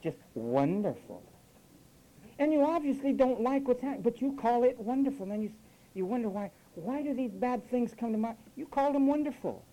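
A preacher delivers a sermon laced with sarcasm, mimicking the phrases he criticises in acted voices. He talks fast in a mid-range, warm-toned voice, captured on a low-quality recording.

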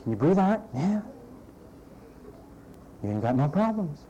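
Man, pastor, sermon, lively swooping delivery, mellow tone, acts out quoted voices. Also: on the high side, measured pace, long pauses, dull audio, a little hiss or hum. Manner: animated, conversational preaching, acts out quoted voices.

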